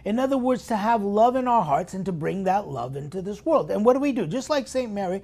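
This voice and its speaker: A man preaching a sermon as a priest, putting strong stresses on key words, dropping into hushed whispered asides and asking his listeners questions. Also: high-pitched, expressive, brisk, few pauses. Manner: emphatic, swinging between loud stresses and hushed whispered asides; talks straight to listeners with rhetorical questions. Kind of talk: sermon meditation broadcast.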